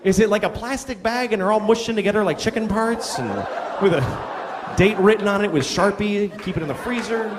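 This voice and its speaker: A man's voice: high voice, fairly quick, background noise. A middle-aged man doing a profane stand-up routine, telling an incredulous story and acting out an angry driver. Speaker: stand-up comedian. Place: large theater stage. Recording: live theater with echoing hall, crowd laughter.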